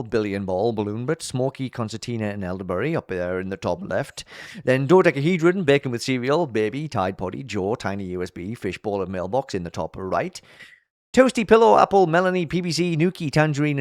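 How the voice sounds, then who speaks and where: A man riffing his way through a cartoon recap, bouncy sing-song delivery that swoops up and down and makes fun of himself as he goes. he's close to the mic in a dead, dry room with no echo at all. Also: medium pitch. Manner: jokey, animated, self-mocking. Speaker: video commentator. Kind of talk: playful commentary.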